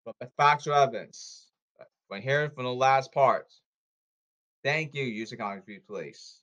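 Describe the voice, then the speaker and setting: A man in a rambling monologue, repeating commands and calls, with loud bursts and sudden drops in volume. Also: medium pitch, a little slow, dull audio. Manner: repetitive, issuing commands and calls.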